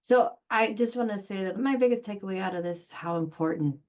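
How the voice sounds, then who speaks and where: A woman's voice: mid-range voice, brisk, a little mellow, lo-fi sound. A woman taking part in a workshop, thinking aloud as she asks the speaker a question. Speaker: workshop participant.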